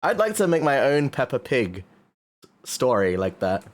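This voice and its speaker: Animated, swearing male streamer. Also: mid-range voice, measured pace. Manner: animated, swears often, laughs a lot. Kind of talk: casual chat.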